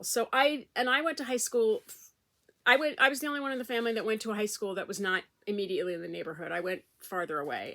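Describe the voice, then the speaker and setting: A middle-aged woman speaks with a bright, clear tone. She talks casually and warmly to her viewers, rambling with fillers and restarts as she tells a story. Her pitch sits in an ordinary middle range for a woman. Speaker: vlogger.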